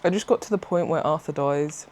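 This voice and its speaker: The craft vlogger's mid-range voice moves fairly quickly through a casual, chatty vlog. Excitable and rambling, she laughs often and breaks off her own thoughts partway through.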